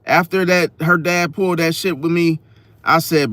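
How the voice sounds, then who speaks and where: A man telling a story in a casual vlog, slangy and profane, talking straight to his viewers with lively emphasis. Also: a little high, moderate pace, no echo. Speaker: astrology vlogger.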